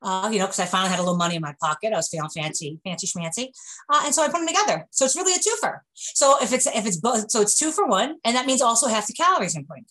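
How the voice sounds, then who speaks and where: A woman's voice: a little high, rapid-fire, few pauses, poor audio. Joking woman with a New York accent. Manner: joking, animated, laughs often, many fillers. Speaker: business owner, guest. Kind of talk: video call interview.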